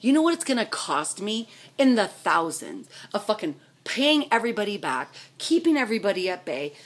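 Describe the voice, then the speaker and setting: A woman's voice: medium pitch, big pitch swings, moderate pace. A middle-aged woman ranting furiously and profanely at her husband, firing off angry questions. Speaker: vlogger. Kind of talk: angry rant to camera.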